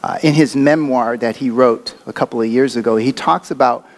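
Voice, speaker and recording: A man's voice: medium pitch, moderate pace. A man preaching a sermon as a pastor, talking in a conversational, reflective way with occasional fillers.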